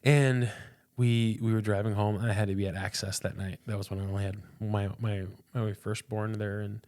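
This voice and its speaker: Young guy pastor on a podcast, lowish voice, earnest, keeps saying dude. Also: flat delivery, moderate pace, a little mellow. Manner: earnest, repeats words, says "dude" and "man". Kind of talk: casual testimony storytelling.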